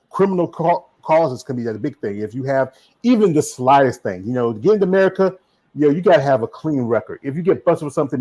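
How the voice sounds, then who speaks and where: A man's voice: medium pitch, mellow, low-quality recording. A man with a Southern US accent hosting a podcast in casual chat, rambling with many fillers and restarts. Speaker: podcast host.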